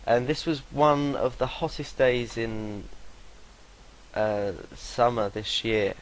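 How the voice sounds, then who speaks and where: A man's voice: mid-range voice, little pitch movement, slow pace, slight background noise, poor audio. Chatty young man, swearing. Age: young adult. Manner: chatty, rambling, swears freely, laughs mid-sentence. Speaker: vlogger. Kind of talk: casual storytelling to camera.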